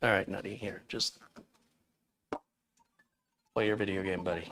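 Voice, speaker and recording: A man's voice: low-pitched, steady tone, unhurried, pauses often, fairly bright tone. A man hosting a live tech stream, answering viewer questions in a folksy, chatty way with small chuckles. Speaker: tech livestream host.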